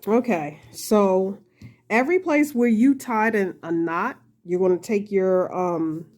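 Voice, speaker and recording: Slow and a little mellow, her mid-range voice guides a laid-back crochet tutorial. She's talkative and quick to laugh at herself, addressing everyone watching as "y'all."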